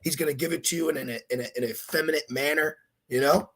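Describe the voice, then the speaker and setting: A man's voice: on the high side, fairly even intonation, fast, fairly bright tone. A man giving an emphatic scripture lesson as a religious teacher, mixing preaching with street slang.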